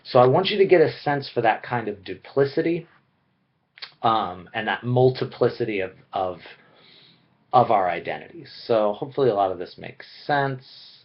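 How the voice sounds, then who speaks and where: A man's voice: mid-range voice, expressive, moderate pace, highs cut off. A man giving a recorded philosophy lecture in a conversational way, often checking in with "right?". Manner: conversational, frequent "right?" tag questions.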